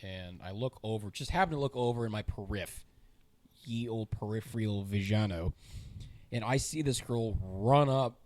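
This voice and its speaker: A man's voice: on the low side, moderate pace, a little mellow, no echo. A young man co-hosting a podcast, talking in a blunt, profane, casual way. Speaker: podcast co-host. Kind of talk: casual chat. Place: podcast studio.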